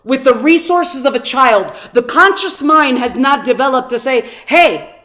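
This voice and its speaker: A woman coaching an online workshop, teaching through animated stories and questions to her audience. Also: high-pitched, moderate pace. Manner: animated storytelling, rhetorical questions. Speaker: personal development coach.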